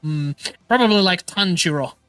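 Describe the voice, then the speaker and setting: A man's voice: high voice, expressive, normal speed, fairly bright tone, clean tone, no room sound, faint music behind. A man hosting a casual livestream chat, enthusiastic and laughing often. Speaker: livestream host.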